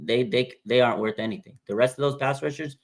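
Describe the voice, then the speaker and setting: A man's voice: mid-range voice, fast talker. A man co-hosting a casual sports talk show, pushing his view bluntly and insistently at his co-host. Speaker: podcast co-host.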